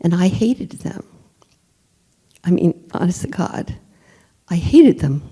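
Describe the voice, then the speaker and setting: A woman's voice: on the low side, sing-song, slow pace, mellow, breathy edge. A woman telling a personal story in a church talk, candid and emphatic, often searching for words. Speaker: speaker.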